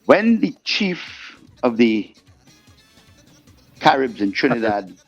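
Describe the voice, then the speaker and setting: Gravelly-voiced man telling stories. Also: mid-range voice, slow pace. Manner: animated storyteller, acts out quoted voices. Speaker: guest singer. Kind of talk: storytelling interview chat. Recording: muffled podcast audio with faint music.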